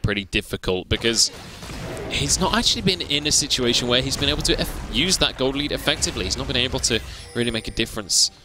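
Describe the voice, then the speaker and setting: A man calling live esports play-by-play, brisk and lifting with the action. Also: mid-range voice, noisy background. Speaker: esports caster.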